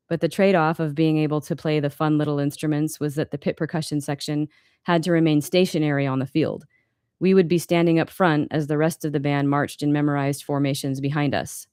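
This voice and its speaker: Woman, 30s, from LA, wry author reading her own book aloud; smooth voice, dry close mic. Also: low-pitched, a little mellow, no echo. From Los Angeles, USA. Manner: candid, wry, occasionally stumbles and corrects herself.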